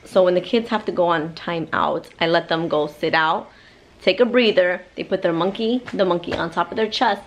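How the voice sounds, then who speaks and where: A woman's voice: fairly low pitch, a little hiss or hum. A woman vlogging casually as a mom, chatting through a product plug and reading game cards aloud to her child. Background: background music.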